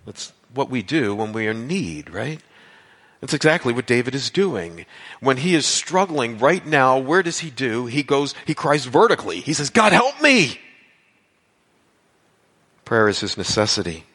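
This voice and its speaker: A man's voice: mid-range voice, very animated, moderate pace, fairly bright tone. A man preaching a sermon as a pastor, earnest and building to emphatic cries. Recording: long hall reverb.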